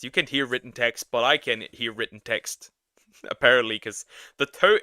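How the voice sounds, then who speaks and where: A man chats casually as co-host of a reaction stream. His voice is very bright and smooth, and the sound is dry and close. He rambles and often restarts his sentences. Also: a little high, dry recording. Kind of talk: casual chat.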